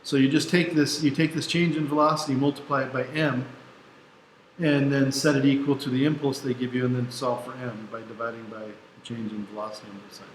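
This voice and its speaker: A tired man teaching a class, chatty and quick to laugh, often restarting his sentences as he tells a story and works through a problem. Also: mid-range voice, level tone, a little hiss or hum. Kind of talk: classroom lecture with anecdote. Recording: echoey room with faint ambience.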